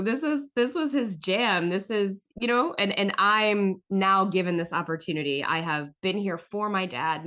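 A woman's voice: sits low, fairly bright tone. A young woman hosting a podcast, telling a personal story in a casual, emotional way, with frequent swearing and filler words. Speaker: podcast host.

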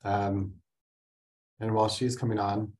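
A woman co-hosting, speaking softly as she calls on participants in a group call. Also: very deep voice, little pitch movement, unhurried, slight background noise.

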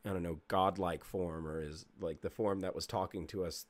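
A man's voice: low-pitched, fairly even intonation, normal speed, dry recording. A young man co-hosting a podcast, chatting casually and rambling with lots of fillers. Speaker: podcast co-host. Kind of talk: casual chat.

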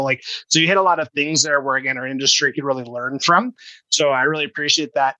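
Host, man, very bright sharp voice, dry close sound, encouraging interviewer. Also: on the high side, fairly even intonation, fast, no room sound, poor audio. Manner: upbeat and affirming. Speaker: podcast host. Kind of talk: interview questions.

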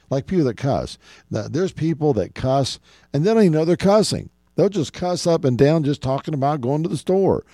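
A man's voice: mid-range voice, warm tone, dry recording, studio quality. A man teaching the Bible as a pastor on a morning radio show, preaching earnestly, repeating key phrases and rising and falling for emphasis.

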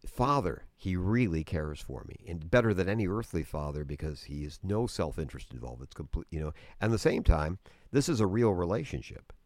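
A man's voice: deep voice, very animated, fairly quick, darkish tone, no room sound, clean studio sound. A man teaching earnestly in conversation, explaining at length with frequent restarts. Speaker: guest teacher on prayer.

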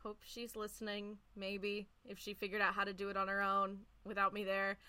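A woman's voice: medium pitch, completely flat delivery, moderate pace, sharp tone, clean tone. A woman co-hosting a podcast, chatting casually with wry asides. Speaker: podcast co-host. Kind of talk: casual recap chat.

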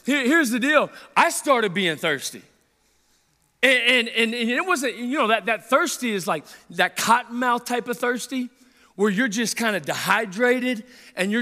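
A man preaching a sermon, telling a story in an animated way and stumbling over repeated words. His voice is high and bright. The sound rings with the long reverb of a large hall.

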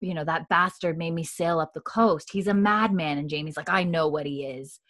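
A woman recapping a TV episode in casual chat, quoting characters' lines in a hushed voice and saying "like" a lot. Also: fairly quick, no room sound, studio quality. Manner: retells dialogue in a hushed, lowered voice with frequent "like". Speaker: podcast co-host recapping a TV episode. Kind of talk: casual chat, retelling scenes with quoted lines.

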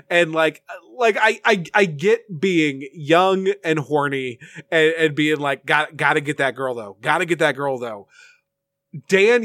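Sarcastic, animated male recap host. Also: a little high, no echo. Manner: animated, sarcastic, swears freely. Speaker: podcast host. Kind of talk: casual episode recap.

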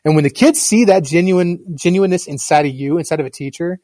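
Earnest male educator, slightly high voice. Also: quick pace, warm tone, no room sound. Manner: earnest, reflective. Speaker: teacher and guest. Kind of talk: casual conversation.

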